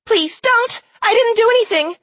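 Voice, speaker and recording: A man voicing a terrified young female gnome prisoner in a squeaky, screaming voice, pleading in panic. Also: expressive, normal speed, fairly bright tone, no echo.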